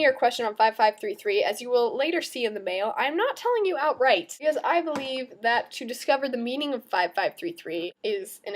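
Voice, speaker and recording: A young woman telling a story to her camera in a casual, chatty way, with lots of "like" and quick asides. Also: fairly high pitch. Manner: chatty and animated, heavy use of "like". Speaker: vlogger in a group channel.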